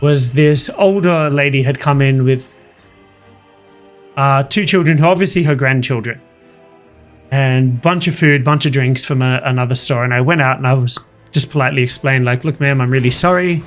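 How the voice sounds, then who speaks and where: Man, casual game commentary, chatty anecdotes, mid-pitched voice, faint music behind. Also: moderate pace. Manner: chatty, animated anecdote-telling over gameplay. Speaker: gaming channel host.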